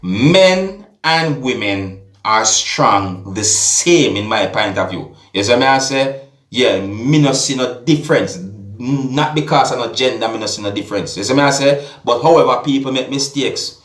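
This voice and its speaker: A man with a Jamaican accent giving casual video commentary as a vlogger, often checking in with the listener through quick tag questions. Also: medium pitch, fairly bright tone. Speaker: vlogger commenting on a viral clip. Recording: echoey room with faint music.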